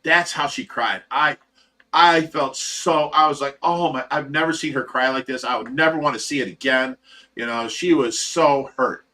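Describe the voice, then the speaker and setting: Bright-voiced man telling stories. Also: medium pitch, normal speed. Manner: animated, laughs while telling stories. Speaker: fish rescue livestream host. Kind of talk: casual storytelling to a live chat.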